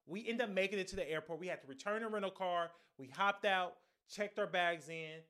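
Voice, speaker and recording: A man's voice: high-pitched, brisk, bright, forceful tone. A young man hosting a solo podcast, telling an embarrassing story in a casual, profane, slangy way. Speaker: podcast host.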